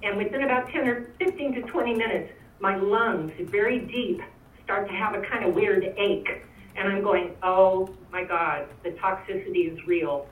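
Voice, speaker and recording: A woman's voice: mid-range voice, fairly bright tone, a little hiss or hum. A woman giving an emotional, pleading public comment at a meeting. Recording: phone-like, echoey, far from mic.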